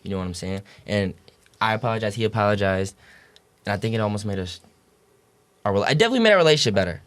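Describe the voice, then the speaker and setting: Very fast and expressive, with a lowish, slightly bright voice, this young adult basketball player from college rambles through stories as a podcast guest. He swears heavily, uses lots of slang and fills gaps with "you know what I'm saying".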